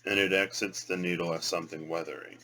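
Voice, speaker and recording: A man's voice: low-pitched, level tone, fast talker, pushed and bright, poor audio. A man thinking aloud as he pulls and reads cards, muttering and repeating words as he tries pronunciations. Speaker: tarot and rune reader. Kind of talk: casual reading vlog, thinking aloud.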